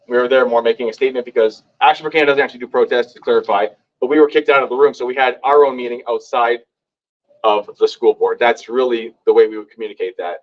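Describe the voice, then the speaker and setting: A man telling stories to a live audience at a community meeting, lively and acting out what others said. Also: fairly quick, muffled recording. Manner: lively, acts out quoted lines with big pitch jumps. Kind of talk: animated storytelling to a live audience. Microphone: hand-held microphone.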